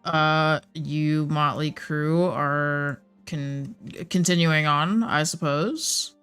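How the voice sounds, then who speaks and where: A game master narrating a tabletop game in a relaxed, playful way with many fillers. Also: medium pitch, extremely slow, smooth, soft background music.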